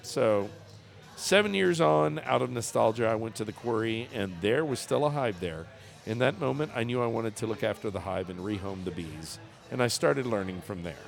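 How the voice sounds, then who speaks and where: A man with a gravelly voice reads a story aloud during a relaxed co-hosted chat. His pitch swings widely and he slips in jokes and laughs. Faint music sits in the background. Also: moderate pace. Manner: jokey, laughs often, restarts while reading. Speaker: podcast co-host. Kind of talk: casual chat, reading a news story aloud.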